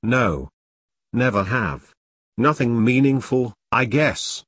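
A man's voice: mid-range voice, animated, takes it slowly, a bit bright, husky, no echo, studio quality, full character voice. A man voicing a wry, weary middle-aged ex-soldier in an audiobook, speaking hesitantly. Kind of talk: audiobook character reading.

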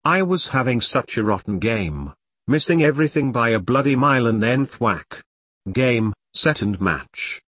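A man doing an excitable upper-class lady, breathless and gushing. The voice is husky and the room is dry. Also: mid-range voice, measured pace, no echo. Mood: relieved.

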